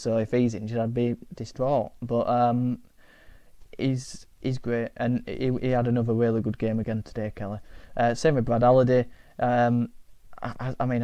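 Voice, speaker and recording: A football fan channel host from the north of England runs a casual reaction vlog, rambling and repeating words as he goes. His mellow voice is medium in pitch, with no room sound.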